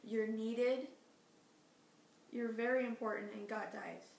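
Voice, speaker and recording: A woman reading a book aloud at a steady, measured pace in a Bible study. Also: on the high side, vocal fry. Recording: echoey room, distant mic, faint noise.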